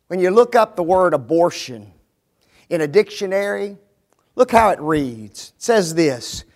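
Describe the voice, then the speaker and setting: A man's voice: high voice, very animated, measured pace, darkish tone. A man preaching a sermon, driving his points home with emphatic rhetorical questions.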